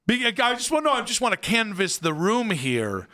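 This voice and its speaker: A man's voice: sits high, normal speed. A man hosting a sports radio show, bantering playfully and telling stories with animation. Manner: playful teasing, animated storytelling.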